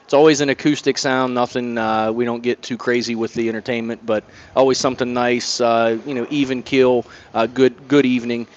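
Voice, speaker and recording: A man's voice: mid-range voice, flat delivery, brisk, few pauses, lo-fi sound, slight background noise. A man who owns a bar, answering interview questions in an easygoing, plain-spoken way. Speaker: bar owner.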